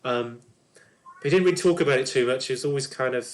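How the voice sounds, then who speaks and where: A man's voice: medium pitch, fast talker, natural voice. A man voicing a nervous, rambling neighbour woman. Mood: gossipy, nervous. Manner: rambling, hesitant, full of ums and restarts. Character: nervous, chatty middle-aged woman neighbour.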